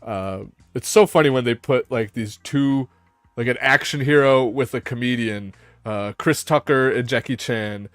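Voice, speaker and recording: A man's voice: medium pitch, moderate pace, a bit bright, clean tone, dry recording. A man hosting a casual panel chat, rambling, swearing and laughing as he retells scenes. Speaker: host.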